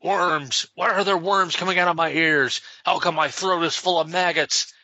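A man reading aloud and voicing a stoned, panicking male street thug in a higher, shrill voice. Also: steady tone, moderate pace, pushed and bright, no room sound. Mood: freaked out. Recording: slightly dull lo-fi sound.

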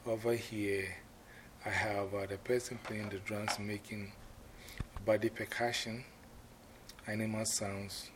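A man explaining the parts of a planned drumming performance to a fellow performer, halting and restarting as he thinks aloud. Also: lowish voice, noisy background. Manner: halting, with many fillers and restarts while he plans aloud. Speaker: performer leading a rehearsal.

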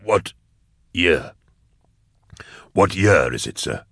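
A scarred old male investigator asks short, firm questions in a low voice, voiced by a man in an audiobook. The sound is close and dry. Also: animated, extremely slow, creaky, a bit bright, no echo, exaggerated voice. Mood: questioning. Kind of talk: audiobook reading.

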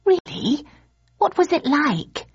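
A woman's voice: sits high, sing-song, takes it slowly, dry recording, lo-fi sound, voice pushed up, heavily acted. A woman doing a fond, fretful wife. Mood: anxious. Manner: bright, lilting and worried. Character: fond, anxious wife of an inventor, adult woman.

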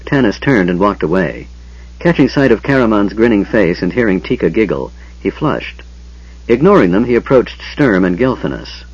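A man narrates a fantasy story in a dramatic, expressive reading. His voice is low and husky. The recording is dry and dull, lo-fi. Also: moderate pace, no room sound. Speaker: audiobook narrator. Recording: dull lo-fi sound.

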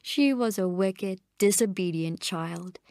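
A woman's voice: mid-range voice, slow pace, dry recording, clean studio sound. A woman reading as a sober, composed young woman. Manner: sober, even-toned.

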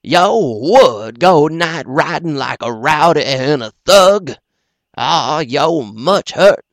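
A man doing a drawling old gentleman. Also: a little high, lively intonation, gravelly, no room sound, clean studio sound, voice pushed up, heavily acted. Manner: slow, drawling and measured. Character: worried old Southern gentleman, stern but gentle.

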